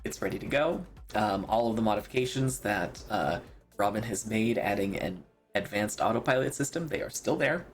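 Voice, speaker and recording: A man running a tabletop game as game master, describing scenes in a relaxed way with many fillers. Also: lowish voice, normal speed, soft background music.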